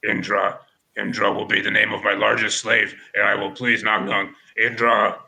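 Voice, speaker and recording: A man voicing a pompous male frog-folk chief in a tabletop game, halting and repeating his words. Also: on the low side, completely flat delivery, gravelly, sharp tone, heavily acted, poor audio.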